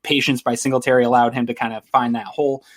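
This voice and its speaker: A man's voice: medium pitch, level tone, fast. A man co-hosting a post-game sports talk show, chatting casually with a fan's enthusiasm. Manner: casual, chatty fan commentary. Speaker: podcast co-host.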